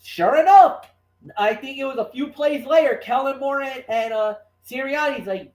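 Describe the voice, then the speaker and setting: A man co-hosting a sports talk show, giving his opinions in an emphatic, animated way with frequent restarts. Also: very high voice, moderate pace. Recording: roomy echoey room.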